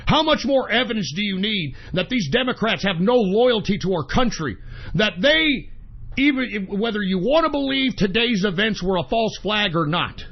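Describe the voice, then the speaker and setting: Talk radio host, man, very high voice, angry profane shouting rant, dull lo-fi sound. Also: lively intonation, moderate pace. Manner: calls listeners folks. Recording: dull lo-fi internet radio recording.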